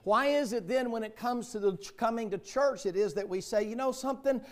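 A man's voice: high voice, brisk. A man with a Southern US accent preaching a sermon as pastor, in a folksy, joking storytelling manner.

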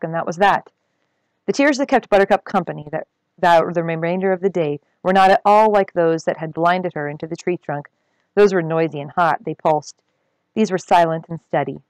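A woman reading a novel aloud with expressive, dramatic storytelling. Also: on the low side, brisk, dry recording, low-quality recording.

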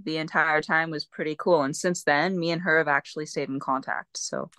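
Upbeat young Canadian woman as guest, lowish voice, dry recording. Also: steady tone, brisk, a bit bright, no room sound. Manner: upbeat, laughs easily. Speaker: interview guest. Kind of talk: casual chat.

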